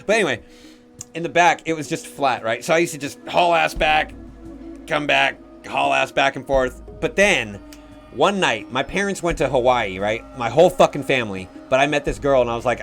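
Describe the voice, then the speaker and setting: A young adult man telling a long, rambling, profanity-heavy story in a casual way, getting loud when he acts out his own shouting. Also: medium pitch, animated, moderate pace, gravelly, soft background music.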